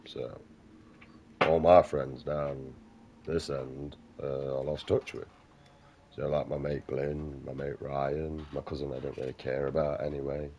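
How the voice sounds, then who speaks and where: A gaming vlogger with an extremely low, booming voice. He rambles in a casual, profane rant, swinging between crude mockery and loose storytelling. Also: level tone, a little slow, darkish tone, slight background noise. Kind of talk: casual rant over gameplay.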